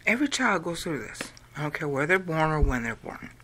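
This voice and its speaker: A woman from the United States explaining an idea to viewers, slow and deliberate, drawing words out and counting them aloud. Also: low voice, sing-song, a bit bright, husky. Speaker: video lecturer. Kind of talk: explanatory talk.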